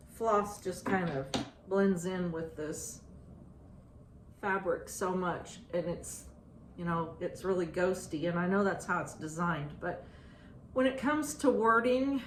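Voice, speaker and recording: A woman chatting casually about her stitching projects, halting and restarting often with ums. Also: fairly low pitch. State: out of breath. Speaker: stitching vlogger. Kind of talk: casual show-and-tell chat. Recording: echoey room, faint ambient noise.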